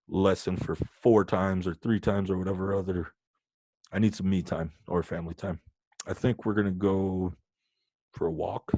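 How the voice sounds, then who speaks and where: A male teacher with a lowish voice runs a lesson, joking around and talking right to his students. The sound is close and dry, with no room echo. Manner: joking, animated, talks to students directly. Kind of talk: playful online lesson.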